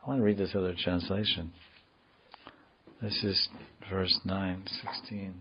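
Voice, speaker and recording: A man giving a scripture class, explaining words slowly in a digressive, joking way, heard in a dull lo-fi recording. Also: sits low, flat delivery, breathy edge. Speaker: spiritual teacher.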